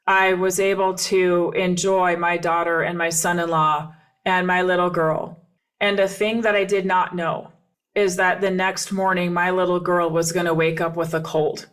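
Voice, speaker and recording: A woman's voice: on the low side, level tone, moderate pace, clean tone. A middle-aged woman hosting a podcast, telling a personal story in an earnest, reflective way and repeating phrases for emphasis. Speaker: podcast host and coach.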